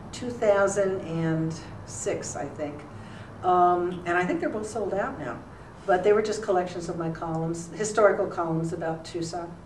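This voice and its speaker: An older woman talking as a retired newspaper columnist in an interview, telling rambling stories with plenty of fillers. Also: fairly low pitch. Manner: rambling, warm anecdotes with many fillers. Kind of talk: relaxed storytelling in an interview. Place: school room. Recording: roomy, distant mic with faint noise.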